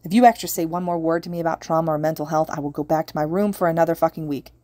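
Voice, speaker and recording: A woman voicing a gruff, defensive teenage boy who speaks curtly in a storybook reading. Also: deep voice, racing, mellow, no echo, close to an everyday voice. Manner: curt, rude.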